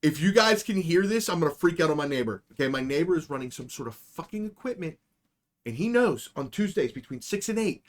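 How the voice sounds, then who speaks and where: A man hosting a live stream, ranting in a loud, profane, excitable way and spinning absurd made-up stories for his chat, swinging between shouts and low mutters. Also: a little fast. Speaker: host of a live stream show. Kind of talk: casual comedic live-stream rant.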